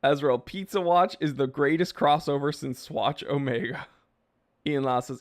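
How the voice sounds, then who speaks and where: A man's voice: fairly high pitch, moderate pace. A man hosting a casual live stream, reading out comments and joking in a loose, rambling way.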